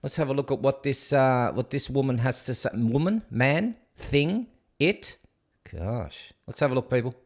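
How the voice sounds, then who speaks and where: A man's voice: mid-range voice, expressive, moderate pace. A man hosting a casual live stream, chatty and joking, talking back to the clips he plays. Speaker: host.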